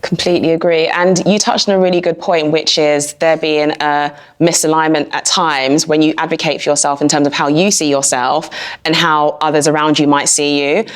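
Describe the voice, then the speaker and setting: A woman co-hosting a podcast, making her points in an earnest, articulate way. Her voice is very low for a woman. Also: level tone, normal speed. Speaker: podcast co-host. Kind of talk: casual podcast discussion.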